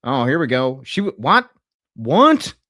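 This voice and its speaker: A man livestreaming a satirical comedy rant in a mock-pundit persona, rambling with sarcasm and swinging between loud outbursts and muttered asides. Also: mid-range voice, animated, normal speed, a little hiss or hum. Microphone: streaming mic.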